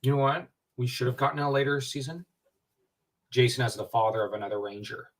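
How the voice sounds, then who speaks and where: A man's voice: mid-range voice, fairly quick. A man co-hosting a livestream in casual fan discussion, rambling with many fillers and restarts, getting worked up at times. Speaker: livestream co-host. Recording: distant from the mic.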